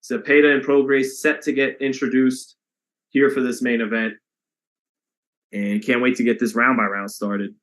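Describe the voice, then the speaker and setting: A man hosting a live stream in an easygoing, talkative way, reading viewer comments aloud and swearing now and then. His voice is bright and sits at an ordinary pitch for a man. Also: flat delivery, normal speed. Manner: chatty, reads out viewer comments, swears casually. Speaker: boxing live stream host.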